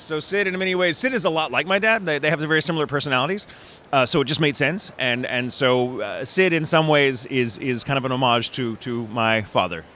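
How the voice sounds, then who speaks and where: Middle-aged male voice actor from Texas, bright tone, animated and rambling, convention interview with faint background hum. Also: fairly high pitch. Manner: animated, restarts often, laughs easily. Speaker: voice actor guest.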